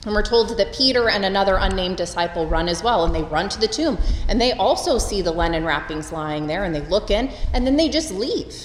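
A woman's voice: fairly quick, hardly any pauses, a little hiss or hum. Woman giving a sermon, lots of feeling in it, big roomy church sound. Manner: expressive, storytelling, lively pitch swings. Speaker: preacher. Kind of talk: Easter sermon. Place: church sanctuary. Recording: roomy church with long reverb.

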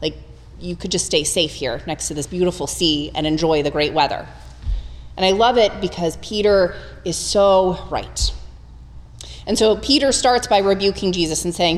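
Woman preaching a lively, humorous sermon. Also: on the low side, normal speed, in a large hall. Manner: conversational, humorous, animated storytelling.

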